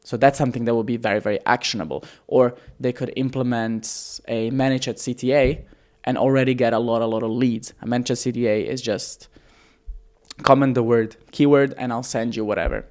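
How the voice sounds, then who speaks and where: A copywriting coach teaches on camera in a medium-pitched voice at a slightly fast clip. The man is casual and energetic, swearing freely and varying his speed and volume to drive points home.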